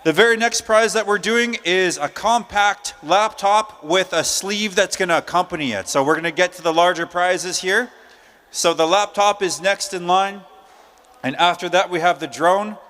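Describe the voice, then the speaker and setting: A man's voice: high-pitched, moderate pace, pushed and bright. A man emceeing a prize draw at a conference, upbeat, joking and chatty as he calls out names. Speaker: emcee drawing prize winners. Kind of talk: live announcing at a conference. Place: large conference hall. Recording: long hall reverb.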